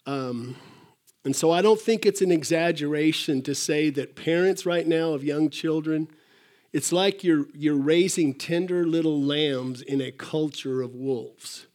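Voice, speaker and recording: With a voice pitched a bit high for a man and a darkish tone, the older pastor wanders through a homespun sermon for his church, often stopping on fillers and starting over.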